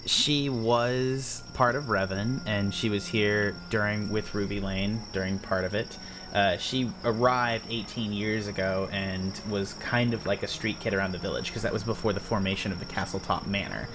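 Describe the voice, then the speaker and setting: A man running a tabletop game, rambling through quick asides and filler words. His voice sits a little low. The recording has steady background noise. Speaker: game master.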